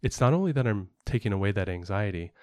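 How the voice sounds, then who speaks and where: A man's voice: on the low side, lively intonation, fast, a little mellow, no room sound, clean studio sound. A man co-hosting a casual podcast, explaining at length in a rambling way with frequent fillers and restarts. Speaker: podcast co-host and parent.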